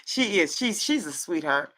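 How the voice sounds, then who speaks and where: A woman hosting a casual livestream chat, excitable and laughing often as she reads out viewer comments. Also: lowish voice, normal speed. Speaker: livestream host.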